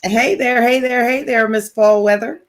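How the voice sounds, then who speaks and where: A woman's voice: fairly high pitch, steady tone, moderate pace. A woman joining a live talk show as guest, greeting the host in a friendly, playful way.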